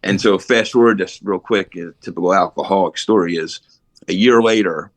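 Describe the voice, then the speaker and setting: A man spins long, streetwise stories from his past, swearing as easily as he breathes. His voice sits very low, and the recording is dry and close, with no room around it. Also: moderate pace, no echo. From Philadelphia. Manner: rambling, streetwise, swears casually. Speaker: podcast guest. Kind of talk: casual storytelling.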